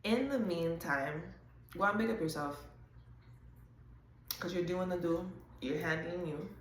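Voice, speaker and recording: A woman hosts a casual intuitive reading, chatting animatedly with viewers and tossing in quick asides. Her voice is a little low, and the room adds a noticeable echo along with a faint ambient hum.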